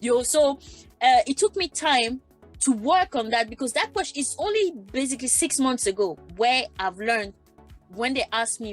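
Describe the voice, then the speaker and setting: A woman who grew up in Germany, speaking as a panelist in a discussion, talking in an animated way with many restarts and repeated words. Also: on the high side, moderate pace, faint music behind. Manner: animated, acts out quoted exchanges, repeats herself.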